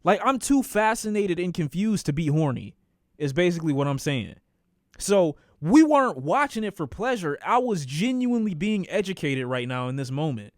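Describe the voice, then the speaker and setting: A man streaming a casual storytime, talking in an animated, profane way and acting out the voices of the people in his story. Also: fairly high pitch, moderate pace, no echo, studio quality.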